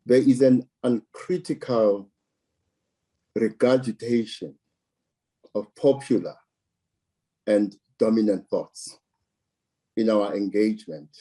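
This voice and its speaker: A South African political commentator offers measured commentary, speaking slowly and deliberately and repeating words to hammer home his points. His voice is deep, dark and husky-edged.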